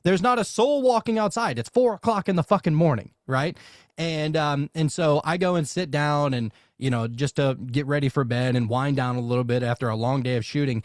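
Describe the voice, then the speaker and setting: A man from Louisiana telling a long story in casual podcast chat, animated and swearing freely, with many fillers and restarts. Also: fairly high pitch, fairly quick, no echo, studio quality. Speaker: podcast guest.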